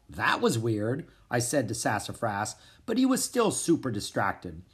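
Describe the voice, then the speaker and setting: An expressive reader narrating a children's storybook aloud in first person. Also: medium pitch. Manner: expressive, animated. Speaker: audiobook narrator.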